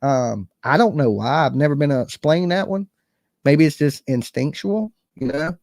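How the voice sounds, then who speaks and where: A man's voice: fairly high pitch, normal speed, vocal fry, a little mellow, no echo, studio quality. A man, hosting a true crime channel and chatting bluntly and casually, with plenty of swearing. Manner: blunt, profane, conversational, reads chat comments aloud. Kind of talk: casual livestream chat.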